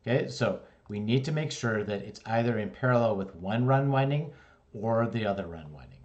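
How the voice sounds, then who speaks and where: A man's voice: lowish voice, expressive, normal speed, a little mellow, dull audio. A middle-aged man from Canada teaching electrical wiring in a casual, conversational way, checking in with "right?" and "okay?" as he explains each step. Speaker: electrical instructor. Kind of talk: casual classroom lesson.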